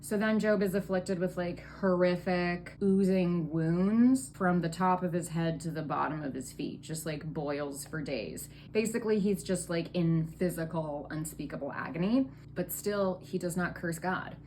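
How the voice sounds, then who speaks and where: A woman with a fairly low voice tells a Bible story as a comedy bit, a little tipsy. She is sarcastic and profane and fills her lines with casual valley-girl fillers. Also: measured pace, few pauses, a little mellow, slight background noise.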